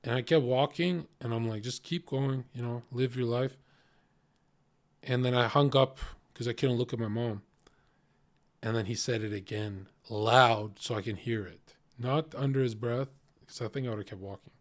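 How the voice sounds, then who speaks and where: A man talks casually to his stream, retelling a run-in with blunt, profane language. His voice sits in an ordinary middle pitch. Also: normal speed.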